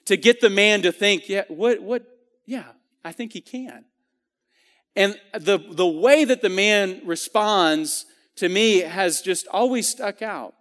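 A man's voice: sits high, lively intonation, measured pace, fairly bright tone. Earnest man preaching in a reverberant church. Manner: earnest, conversational, many restarts and fillers. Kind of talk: sermon. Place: church sanctuary.

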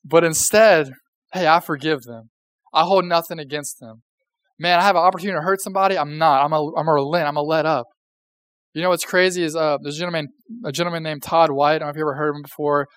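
A young man gives a casual sermon from a church stage, talking to his listeners as if in conversation and dropping jokes and questions. His voice sits on the higher side. The sound is dry and close, with little room echo. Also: steady tone, fast talker, a bit bright, smooth. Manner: conversational, joking, asks the audience questions. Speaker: pastor.

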